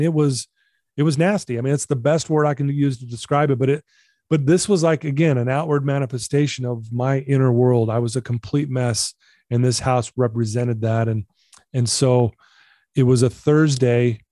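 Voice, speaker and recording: A middle-aged man shares his story in a candid, earnest way, often circling back to the same phrases. His voice is mellow and warm, and the recording is dry and close. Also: mid-range voice, fairly even intonation, normal speed, no room sound. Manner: earnest, candid, repeats himself for emphasis. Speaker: guest. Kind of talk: personal storytelling in conversation.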